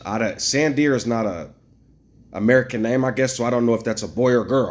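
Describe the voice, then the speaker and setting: A man telling a long, rambling story to camera, animated and profane, acting out what others said. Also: mid-range voice, fairly quick. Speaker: vlogger. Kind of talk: casual storytelling rant.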